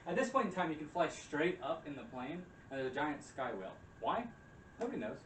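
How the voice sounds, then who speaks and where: A young man talks fast and loose, swearing as he acts out characters' lines. His voice sits at a middle pitch and sounds far from the mic in an echoey room with faint background noise. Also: sing-song, fairly bright tone. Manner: rambling, profane, acts out quotes. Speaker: game recap presenter. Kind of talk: casual chat. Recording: roomy room, distant mic.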